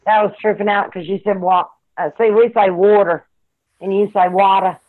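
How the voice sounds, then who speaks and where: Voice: medium pitch, fairly even intonation, a little fast. A speaker with a Southern country twang, rambling in casual chat and laughing often. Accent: Southern American. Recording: tinny phone-like line.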